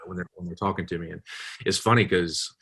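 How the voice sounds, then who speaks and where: Low-voiced Southern man telling stories. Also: fairly even intonation, fast, a bit bright, husky. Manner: chatty storyteller, many fillers. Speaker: podcast guest. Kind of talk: casual chat.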